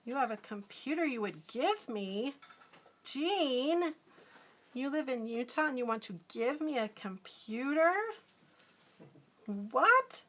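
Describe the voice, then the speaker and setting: A chatty middle-aged woman with a bright, forceful voice chats casually on a live stream while she draws. She giggles often and answers her viewers' comments, her voice sitting a little high. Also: lively intonation, takes it slowly, long pauses.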